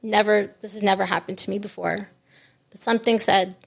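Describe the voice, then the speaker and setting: A grieving woman telling a personal story in an interview, reflective and halting, with many restarts. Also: medium pitch, steady tone, vocal fry. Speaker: podcast guest. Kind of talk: conversational interview.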